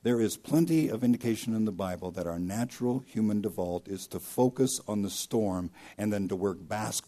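A man preaching a sermon as pastor, swinging between loud emphatic bursts and hushed drops, and repeating key phrases for weight. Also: lowish voice.

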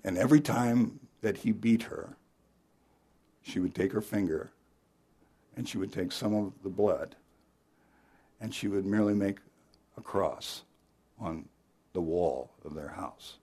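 A male pastor preaching an Easter sermon, telling a story dramatically and moving between loud emphasis and hushed, earnest appeals. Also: low voice, a little slow, long pauses, breathy edge.

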